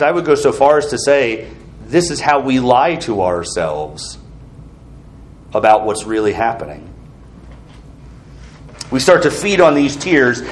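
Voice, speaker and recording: A man's voice: medium pitch, slight background noise. A man preaching an earnest sermon as pastor, asking the congregation questions.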